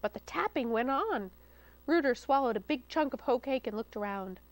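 Woman librarian reading a children's story aloud, high voice and lively, in a dry studio. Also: normal speed, no room sound, low-quality recording. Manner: lively and expressive. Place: studio taping for local cable TV.

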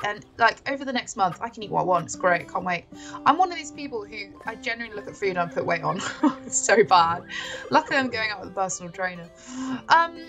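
A young British woman talks through her game in a bubbly, giggly, chatty way. Her voice is bright and swoops up and down, with faint game music playing under it. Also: mid-range voice. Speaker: gaming YouTuber. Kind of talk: casual let's-play chat.

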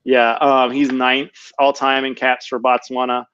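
A man's voice: medium pitch, little pitch movement, a little slow, a bit bright, clear, resonant tone, dry recording. Man, podcast host, casual chat, rambling with ums, dry slightly muffled recording. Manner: rambling, lots of ums and self-corrections.

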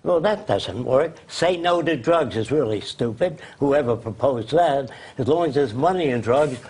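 A social designer appearing as an interview guest delivers an impassioned, blunt lecture, firing off his points one after another with emphasis. His medium-pitched voice is expressive, a little mellow and slightly rough.

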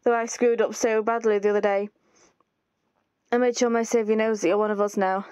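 A woman's voice: medium pitch, level tone, a little fast, a little mellow, clean tone, no echo, close to an everyday voice. A woman reading aloud the chat lines of an anxious, self-blaming young man who pleads not to be left. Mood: pleading. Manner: pleading, apologetic.

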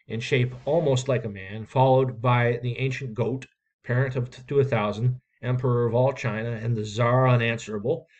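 A man reading a short story aloud in a steady, measured way. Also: mid-range voice, highs cut off. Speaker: reader.

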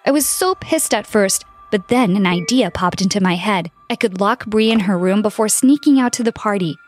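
A young adult woman narrating an animated story in the first person, in a sarcastic, expressive teen-girl manner. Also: medium pitch, normal speed, faint music behind.

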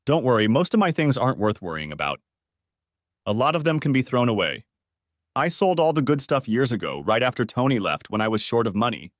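A frank, teasing woman , voiced lightly by a male narrator, lively pitch, dry sound. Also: brisk, no echo, natural voice. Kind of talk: story narration with voiced dialogue.

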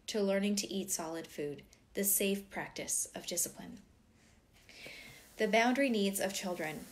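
A middle-aged woman reads a parenting book aloud in a steady, even voice. Her pitch sits right in the middle of the range. Now and then she slips into warm, animated asides. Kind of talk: reading aloud with personal asides.

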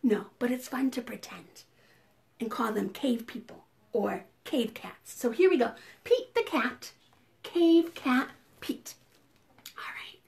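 A woman children's librarian leading preschool storytime. Her voice sits high and she speaks slowly and deliberately, with animated, sing-song chanting of rhymes and picture-book narration. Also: gravelly.

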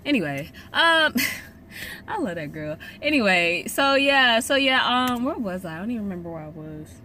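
Young woman venting a storytime, animated and emphatic, faint hiss behind her. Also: medium pitch, moderate pace. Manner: animated, emphatic, slangy, repeats "period". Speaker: vlogger. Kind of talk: casual storytime vlog.

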